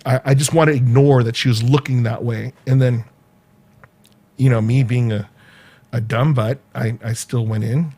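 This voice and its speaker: A man from California, telling a story in a casual vlog, laughing often and acting out what people said. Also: mid-range voice. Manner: animated, laughs often, acts out quoted dialogue. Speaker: vlogger.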